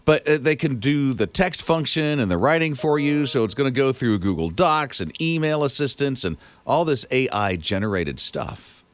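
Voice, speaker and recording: A man co-hosting a morning radio show who jokes and reacts playfully, recorded in a radio studio. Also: medium pitch. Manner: playful, expressive and quick to react. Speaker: radio co-host.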